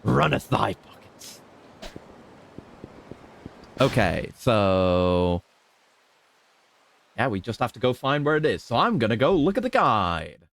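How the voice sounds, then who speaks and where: A man streaming a video game, thinking aloud in casual, halting commentary. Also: mid-range voice, very animated.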